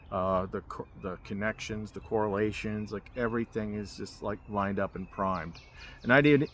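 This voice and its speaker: A man's voice: fairly low pitch, fairly bright tone, a little hiss or hum. A man vlogging from a hammock outdoors, telling a story in a rambling, casual way full of fillers and restarts. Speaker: spiritual vlogger.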